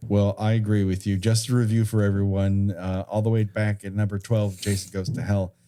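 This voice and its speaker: A man hosts a podcast in a low, mellow voice. He announces a ranked list one entry at a time and thanks his guests. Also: level tone, brisk, clear, resonant tone. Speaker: podcast host. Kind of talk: podcast wrap-up and list rundown.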